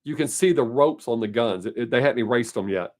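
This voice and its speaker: In a brisk, mid-range voice, a man runs his weekly live stream and casually takes on viewer comments. He meanders, offers lots of opinions, and laughs regularly.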